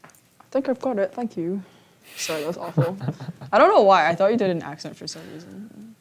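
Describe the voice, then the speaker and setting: A woman's voice: mid-range voice, a little fast, vocal fry, a little mellow, slight background noise. A woman painting on a livestream, chatting casually, giggly and self-deprecating, muttering to herself as she works. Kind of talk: casual chat while painting.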